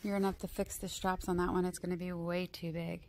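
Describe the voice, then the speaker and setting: A woman talks through her family morning for a vlog. She switches between chatting to the camera and firmly guiding her small child. Street noise sits clearly behind her voice. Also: fairly low pitch, flat delivery, fast talker, darkish tone. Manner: chatty, scolding then coaxing her toddler. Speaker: vlogger and mother. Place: outdoors by a street.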